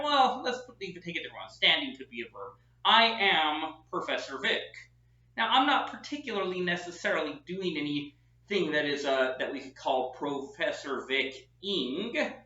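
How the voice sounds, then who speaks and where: Professor type, a man with a higher, bright voice, lecturing chattily at a whiteboard; recorded from afar, dull and roomy. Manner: chatty, self-deprecating teaching. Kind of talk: classroom lecture. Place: classroom with whiteboard. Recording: echoey, distant, dull room sound.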